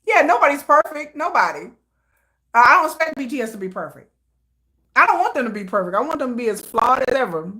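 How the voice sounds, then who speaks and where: A woman chats to her livestream audience in an easy, slangy way. Her voice is bright and a little high, and she laughs often as she goes. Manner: chatty, laughs often, animated asides; slangy, conversational. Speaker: livestream host. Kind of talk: casual livestream chat.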